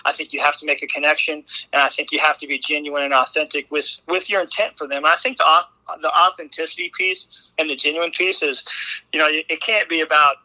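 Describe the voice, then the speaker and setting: A man with a Midwestern American accent, working as a girls basketball coach, talks casually in a podcast interview. His voice is very bright and a touch high for a man, and it is recorded close and dry. He is earnest and keeps circling back with restarts and "I think.". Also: fairly even intonation, fairly quick, dry recording, rough recording.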